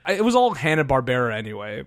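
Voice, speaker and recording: Man, mid-pitched voice, dry close sound, relaxed podcast chatter. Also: fast talker, no room sound. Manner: relaxed, laughs easily, rambling asides. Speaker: podcast co-host. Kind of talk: casual recap chat.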